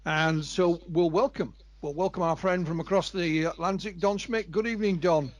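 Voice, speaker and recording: A man co-hosts an interview, introducing his guest and asking questions in a halting manner. His voice sits a little high for a man, and the sound is dry and close to the mic. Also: no room sound. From United Kingdom. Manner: halting, with fillers and restarts. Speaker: co-host. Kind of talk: interview hosting.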